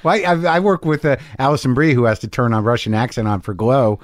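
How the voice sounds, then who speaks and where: A man hosting a casual comedic interview, teasing his guest with playful rapid questions. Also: mid-range voice, no room sound, clean studio sound. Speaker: talk show host.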